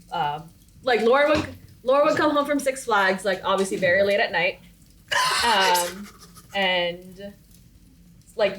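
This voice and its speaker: A woman's voice: mid-range voice, background noise. A woman chatting casually among friends, rambling with lots of "like" fillers. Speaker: dance company member. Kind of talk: casual chat.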